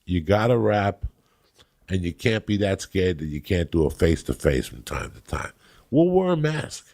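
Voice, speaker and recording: A middle-aged man from New Jersey, a comedian host telling loud, crude, rambling stories in casual chat. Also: deep voice, animated, normal speed. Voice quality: gravelly. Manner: loud, rambling and crude, breaking into acted quotes. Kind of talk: profane storytelling chat.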